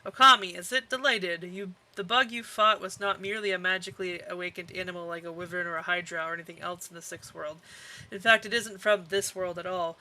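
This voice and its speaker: A theatrical painted elf with a teasing, commanding air, read out by a male streamer. The voice is bright and clear, and it comes off lively and brisk. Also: medium pitch, rough recording. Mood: teasing, urgent.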